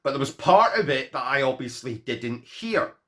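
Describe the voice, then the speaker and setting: Animated man telling a funny story. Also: mid-range voice, moderate pace. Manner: animated, self-mocking, rambling with asides. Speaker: vlogger. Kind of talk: comic personal storytelling to camera.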